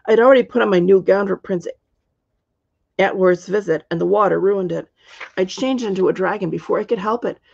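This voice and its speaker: A woman's voice: medium pitch, fairly quick, creaky, darkish tone, muffled recording. A woman reading as an earnest young dragon princess. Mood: upset. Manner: earnest, puzzled complaint.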